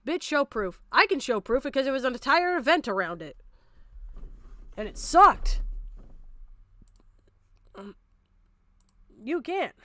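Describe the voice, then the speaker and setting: A young woman streamer rants angrily through a reaction stream, swearing freely and laughing between outbursts. Her voice is high, and the sound is dry and close. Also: very animated, slow, long pauses, sharp tone, no echo. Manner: angry, profane ranting with bursts of laughter. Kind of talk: live stream reaction commentary.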